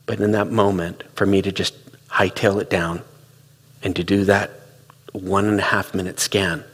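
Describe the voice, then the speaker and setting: Husky low-voiced man in a hall. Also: little pitch movement, moderate pace, fairly bright tone. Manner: conversational, storytelling with quoted dialogue. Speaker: speaker on relationships. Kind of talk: reflective talk.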